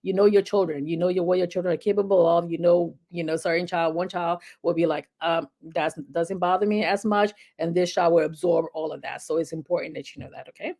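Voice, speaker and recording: A woman's voice: lowish voice, fairly even intonation, a little fast, creaky, few pauses, mellow. A middle-aged woman giving casual health advice to parents, chatty and often checking in with "okay?". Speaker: health video host.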